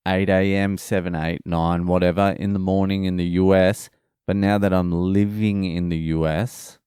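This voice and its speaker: A young Australian man talks on his podcast alone, swearing, drifting from point to point and sounding drowsy and drily funny. His voice sits low, a little mellow, clear and resonant, with no room sound at all.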